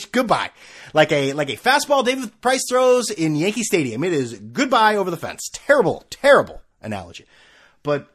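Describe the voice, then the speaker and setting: A man's voice: a little high, huge pitch swings, moderate pace, a bit bright. A man hosting a podcast, rambling through a self-mocking comic story with many restarts. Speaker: podcast host. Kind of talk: comedic storytelling.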